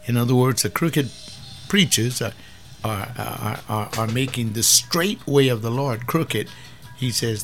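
A man's voice: medium pitch, normal speed, creaky, faint music behind. A man preaching a fiery sermon on a webcast, scolding and confrontational as he reads and explains verses.

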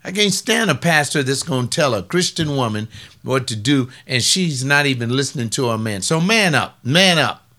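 Man, pastor, webcast sermon, combative, blunt, bright edgy voice, mid pitch. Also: lively intonation, moderate pace. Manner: blunt, combative preaching with rising outbursts.

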